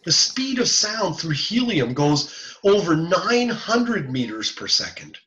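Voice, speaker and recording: A man lectures over a dull, lo-fi video call, his slightly high voice swinging up and down a lot. He explains things step by step, chatty and casual, throwing in joking asides. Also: sing-song, takes it slowly, fairly bright tone. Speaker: instructor. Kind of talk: online lecture.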